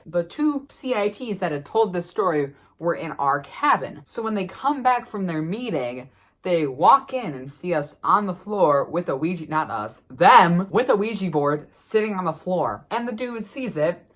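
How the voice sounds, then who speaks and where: A woman vlogger casually tells a story to the camera in a chatty, animated way, with lots of fillers. She has a deep voice.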